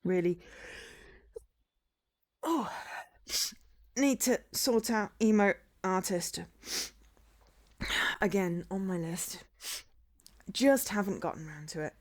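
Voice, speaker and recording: A woman's voice: mid-range voice, takes it slowly, pauses often, a little mellow. A woman streamer reading a visual novel on stream, chatting and musing aloud about the wording.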